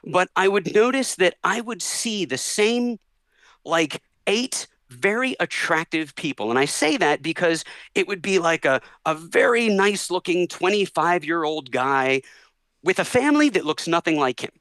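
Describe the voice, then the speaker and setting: A young man who is a podcast guest telling lively stories in a casual interview, animated with quick bursts of speech. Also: high voice, no room sound.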